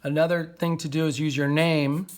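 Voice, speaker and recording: A man's voice: on the high side, flat delivery, normal speed. A man teaching a poetry lesson to young children, patiently sounding out words and syllables.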